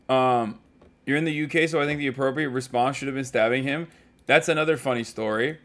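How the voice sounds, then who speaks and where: Profane, animated man streaming. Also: medium pitch, fairly quick. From United States. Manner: animated, profane storytelling with frequent asides. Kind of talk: casual chat.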